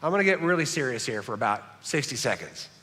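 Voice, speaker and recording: A man's voice: medium pitch, big pitch swings, fast, fairly bright tone. A middle-aged man preaching a sermon as pastor, in a conversational, joking and self-deprecating way, in a church sanctuary. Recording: reverberant church hall.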